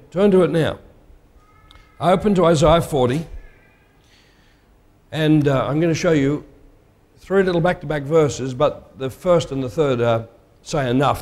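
A man's voice: on the high side, normal speed, darkish tone. A man preaching a sermon in a conversational, emphatic way, putting questions to his listeners. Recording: long hall reverb.

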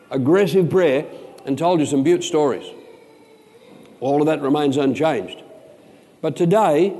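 A man preaching a sermon, slowing down to stress single words. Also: fairly high pitch, mellow. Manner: emphatic, slows down to stress words. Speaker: pastor. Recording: long hall reverb.

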